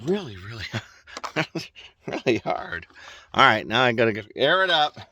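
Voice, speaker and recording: A man fixing a trailer tire on rural land vlogs in a rambling, folksy manner, breathless and chuckling as he goes. This casual outdoor DIY talk comes in a mid-range, sing-song voice that is bright and forceful, at a moderate pace.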